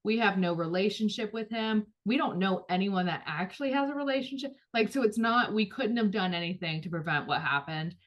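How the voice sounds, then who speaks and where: A woman's voice: mid-range voice, brisk, hardly any pauses, highs cut off. A woman co-hosting a podcast in casual chat, rambling and talking things through with lots of filler words. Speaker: podcast co-host.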